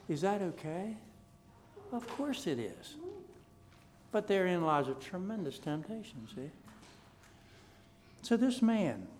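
A man preaching from the pulpit in a voice pitched a little above the usual. He reads scripture in a rising, forceful cadence, then drops into quiet, low asides before building back to loud, repeated declarations. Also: a little hiss or hum. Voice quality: King James scripture read aloud in a rising, forceful cadence. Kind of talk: sermon with scripture reading.

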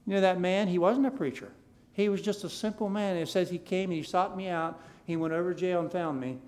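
A man preaching from the pulpit in a voice pitched a little above the usual. He reads scripture in a rising, forceful cadence, then drops into quiet, low asides before building back to loud, repeated declarations. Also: brisk. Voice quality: King James scripture read aloud in a rising, forceful cadence. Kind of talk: sermon with scripture reading.

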